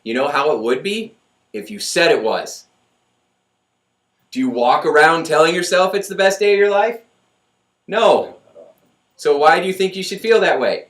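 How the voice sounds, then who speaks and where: A middle-aged man giving a lively motivational talk as host, often acting out voices in his stories. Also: a little high, moderate pace, long pauses. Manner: energetic, acts out voices in stories. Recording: echoey room, mic far off.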